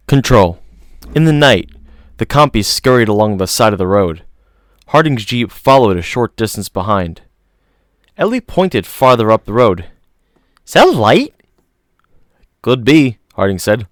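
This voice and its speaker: The narrator of this audiobook is a man whose voice sits on the low side. He reads steadily and in a measured manner, recorded at studio quality with no room sound.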